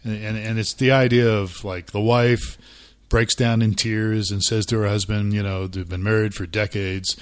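Low-voiced man co-hosting a chat podcast. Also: little pitch movement, clear, resonant tone. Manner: chatty, self-deprecating, quick asides. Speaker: podcast co-host.

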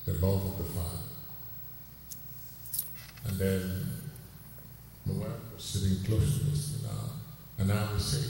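An older man with a very low, mellow voice tells his faith testimony as a pastor, earnest and fond of repeating key phrases. He sounds set back from the microphone in a big, echoey hall with a long reverb tail and a faint hum of noise underneath. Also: sing-song, a little slow, vocal fry, pauses often, far from the mic. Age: 60s. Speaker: pastor and counselor.

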